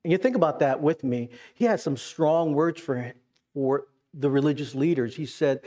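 Earnest preaching man, mellow voice. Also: a little high, moderate pace. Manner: earnest preaching with repeated words and rhetorical questions. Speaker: pastor. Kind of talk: sermon.

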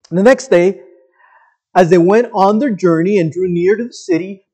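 A man's voice: sits high, a little mellow. Conversational male pastor preaching. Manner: conversational, asks the congregation questions. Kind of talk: sermon.

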